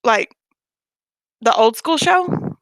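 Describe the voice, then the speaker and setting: Rambling Southern woman, high dry voice. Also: drawn-out words, dry recording. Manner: rambling, animated storytelling with frequent laughs and swearing. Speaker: streamer chatting with viewers. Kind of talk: casual late-night chat.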